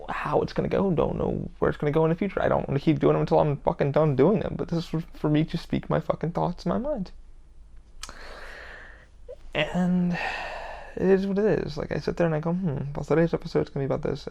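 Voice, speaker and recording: A man's voice: on the high side, normal speed, gravelly, warm tone, muffled recording. A man hosting his own podcast, talking in a heated, rambling monologue with constant swearing. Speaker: podcast host. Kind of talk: casual monologue.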